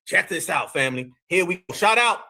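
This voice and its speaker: Streamer guy from Ohio, high voice, preachy and emphatic, talks straight to his chat. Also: lively intonation, brisk, creaky, pushed and bright. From Ohio, USA. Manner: preachy, emphatic, keeps calling the audience "fam" and "family". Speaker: live-stream commentator. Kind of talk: live-stream commentary.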